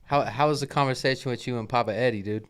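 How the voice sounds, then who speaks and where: A man's voice: mid-range voice, quick pace, clear, resonant tone. A man co-hosting a casual podcast, talking in loose, slangy banter. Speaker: podcast host. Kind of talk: casual chat.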